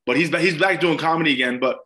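A man who is a comedian and podcast guest, telling excited, profane stories and laughing often. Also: a little high, quick pace. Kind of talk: casual chat.

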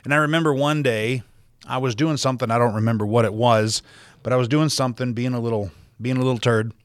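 A man's voice: mid-range voice, steady tone, quick pace, clean tone, no room sound, studio quality. A man from South Dakota preaching a podcast sermon as a pastor, stressing key words by repeating them and reading scripture aloud in old-fashioned wording. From South Dakota, USA.

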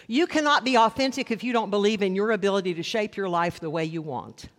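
A man preaching a sermon as a pastor, conversational with wry asides, slowing down to stress key lines. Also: sits high, a bit bright. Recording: long reverb of a large hall.

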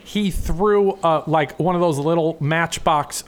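An American man talks casually, swearing freely as he rambles through a long story. His voice sits a little high for a man. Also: measured pace, clean tone. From United States. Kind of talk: casual chat.

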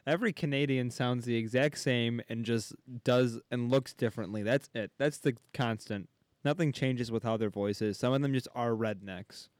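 A man's voice: mid-range voice, moderate pace, dry recording. A man joining a podcast as a guest, speaking in dry, sarcastic casual chat.

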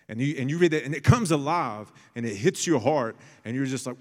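A man in his thirties preaching a sermon as a pastor, telling family stories and building to bursts of excitement. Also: medium pitch, brisk, few pauses, in a large hall.

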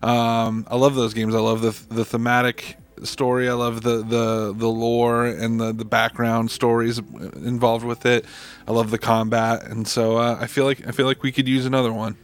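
Man, podcast co-host, relaxed, halting, mid pitch. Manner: relaxed, halting, many fillers. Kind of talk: casual podcast chat.

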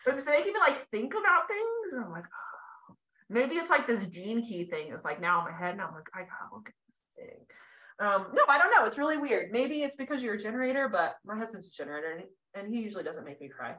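A woman's voice: fairly high pitch, big pitch swings, fast talker, few pauses, sharp tone, reverberant, low-quality recording. A woman hosting a podcast, chatting in a rambling, emotional way, teary and laughing as she talks. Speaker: podcast host. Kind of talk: casual chat.

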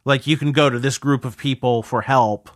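A man's voice: medium pitch, fairly even intonation, moderate pace, dry recording. A man with a mid-range voice co-hosts a podcast, talking in an easygoing, hesitant way with lots of fillers. The sound is dry and close, with no room around it. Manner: laid-back, hesitant with many fillers. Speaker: podcast co-host. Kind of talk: casual chat.

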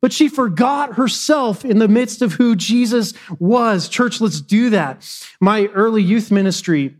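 A man preaching a sermon to his church in an animated style, with sudden high shouts and quick conversational asides. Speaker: pastor.

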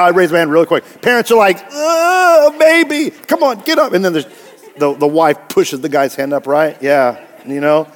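A man preaching a sermon as pastor, playful, acting out little voices and slowing down for emphasis. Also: a little high, in a large hall. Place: church sanctuary.

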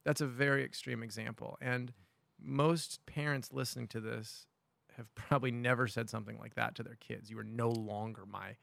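Man, mid-range voice with heavy fry, dry close mic, probing and wry host. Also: medium pitch, level tone, fairly bright tone, no echo. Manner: probing, wry, quick with follow-up questions. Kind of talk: casual conversation.

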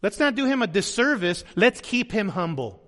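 A man's voice: high-pitched, big pitch swings, moderate pace, fairly bright tone, in a large hall. A man preaching a sermon as pastor, earnest, sometimes voicing the people he quotes.

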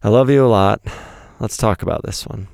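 A man slowly and tenderly reading his own poetry aloud, his voice cracking with tears. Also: fairly low pitch, vocal fry, a little mellow, no echo, studio quality. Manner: slow, tender, reflective delivery. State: tearful, voice cracking. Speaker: podcast host and poet.

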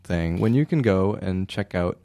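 A man's voice: low voice, animated, normal speed, gravelly, dark tone, dry recording. A man co-hosting a radio show, reading odd news items with wry, playful jokes. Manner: joking, wry, playful storyteller. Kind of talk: casual radio chat.

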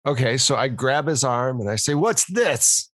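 A man playing a tabletop horror game, speaking briskly and plainly. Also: mid-range voice, fairly even intonation, fairly bright tone, no room sound. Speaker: player. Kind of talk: casual tabletop game play.

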